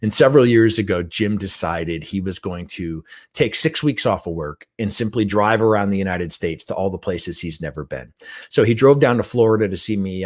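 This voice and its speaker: A middle-aged man with a low-pitched voice, a guest trainer and speaker, gives a motivational talk. He tells a story in an animated, conversational way and frequently checks in with the listener.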